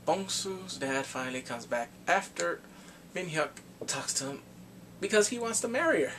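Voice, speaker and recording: A man casually recapping a TV drama, animated and laughing often as he acts out lines. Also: fairly high pitch, moderate pace, noisy background. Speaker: drama review vlogger.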